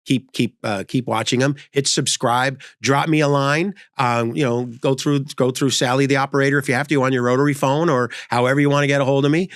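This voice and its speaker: A man's voice: mid-range voice, fairly even intonation, brisk, hardly any pauses, dry recording, clean studio sound. An older man hosting a comedy show, telling rambling stories that interrupt themselves. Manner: rambling, self-interrupting storyteller. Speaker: comedy host. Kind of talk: storytelling comedy monologue.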